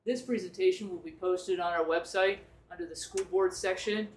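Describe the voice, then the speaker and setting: A man gives a formal presentation to a meeting, explaining each point, rephrasing himself, and posing questions to the room. His voice sits high for a man. He is picked up from a distance in an echoey meeting room. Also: steady tone, moderate pace, slight background noise. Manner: explanatory, rephrasing and self-correcting, with rhetorical questions. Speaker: school administrator presenting a plan.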